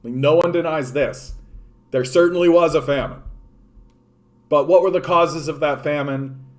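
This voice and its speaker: A man's voice: fairly high pitch, moderate pace. Profane man ranting casually. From Canada. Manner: profane, animated, filler-heavy, reacting to chat. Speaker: streamer. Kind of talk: casual political rant.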